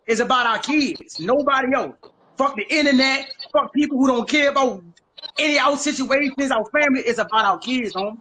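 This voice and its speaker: A man's voice: very high voice, brisk, bright, forceful tone, a little hiss or hum, poor audio. A man from Washington, D.C., talking candidly and with emphasis. He repeats his points and uses heavy street slang. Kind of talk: candid conversation.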